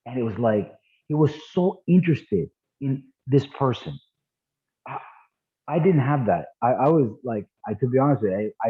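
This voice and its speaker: A man coaching his students over an online video call, his voice thin and phone-like. He talks in an animated, casual way, repeating himself, restarting sentences and laughing now and then. His pitch sits right in the middle. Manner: animated, repetitive, frequent false starts and laughs. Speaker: martial arts instructor. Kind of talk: casual spoken teaching. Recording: tinny phone-like audio.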